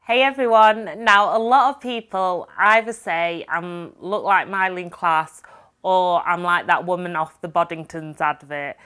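A woman's voice: on the low side, measured pace, fairly bright tone, clean tone. A young woman from Yorkshire with a broad Yorkshire accent, chatting casually to camera while unboxing gifts. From Yorkshire, England. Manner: chatty and upbeat, broad dialect phrases. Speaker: lifestyle vlogger. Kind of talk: casual vlog chat, unboxing.

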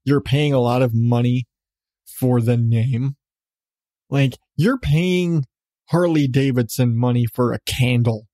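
A man's voice: mid-range voice, slow, dark tone, dry recording. A man hosting a podcast, ranting sarcastically about odd news with lots of swearing and laughs. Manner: profane, sarcastic, laughing often. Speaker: podcast host. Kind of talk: casual comedic news rant.

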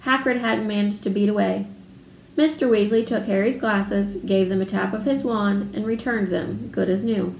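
A woman reading a children's novel aloud in a steady storytelling manner. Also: mid-range voice, normal speed, vocal fry. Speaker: readalong reader. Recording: roomy room, faint background noise.

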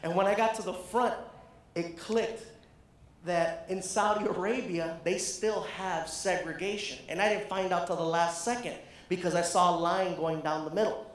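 A man doing stand-up comedy, telling a story in an animated way and laughing at his own jokes. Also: sits high, normal speed. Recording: echoey live stage recording, faint noise.

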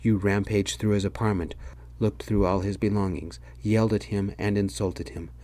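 A man voicing a firm, measured middle-aged father in a soft-spoken whispered role-play. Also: fairly low pitch, steady tone, no echo, natural voice.

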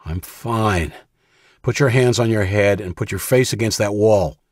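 A man voicing an injured, desperate teenage boy who shouts tense, aggressive orders in an audiobook. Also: on the low side, a little slow, dry recording, clean studio sound, voice pushed up.

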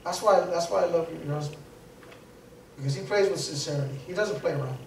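This preacher talks fast, his voice on the high side yet darkish in tone, with vocal fry. Telling stories informally in a church, he speaks conversationally and repeats words as he climbs to emphatic peaks, captured distantly in a roomy space with slight background noise.

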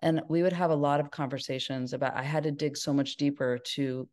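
A woman's voice: deep voice, fairly even intonation, fairly quick, a little mellow. A middle-aged woman from Northern California, a filmmaker guest in an interview, telling her story in a rambling way with many restarts.

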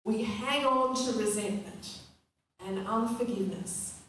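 Slow, earnest woman preaching in echoing hall. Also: fairly high pitch. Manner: earnest, questioning the congregation. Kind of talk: sermon. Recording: echoey hall, distant mic, faint noise.

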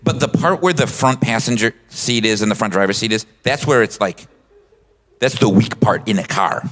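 A man's voice: fairly low pitch, normal speed, a bit bright. A man co-hosting a live podcast, chiming in with supporting details. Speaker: podcast co-host. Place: convention stage with long reverb. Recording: live hall reverb.

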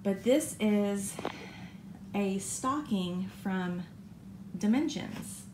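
Slow-talking woman, rambling craft chat. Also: mid-range voice, animated, noisy background. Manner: rambling, with fillers and self-corrections. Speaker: cross-stitch vlogger. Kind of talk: casual show-and-tell chat. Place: condo balcony by the beach.

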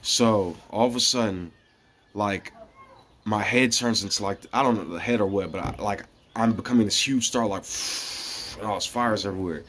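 A man in a casual spiritual monologue, rambling and earnest, often dropping to a soft hushed voice. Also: lowish voice, normal speed. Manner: rambling and earnest, with many fillers and restarts. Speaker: vlogger.

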